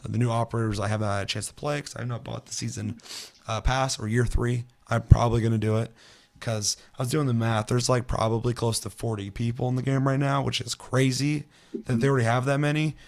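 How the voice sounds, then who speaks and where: Gravelly dude on a gaming podcast, swears a ton, acts out stories loud. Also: male voice, mid-range voice, fast. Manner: profane, animated storytelling with shouted put-on quotes. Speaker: podcast co-host. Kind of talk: casual gaming chat.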